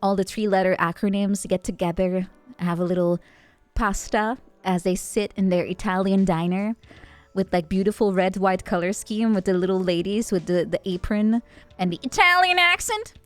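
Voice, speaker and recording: A young woman from the Netherlands, chatting playfully with her stream chat and often jumping into high squeals. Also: moderate pace, no room sound. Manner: playful, animated, jumps to squeals. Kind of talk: casual chat with chat.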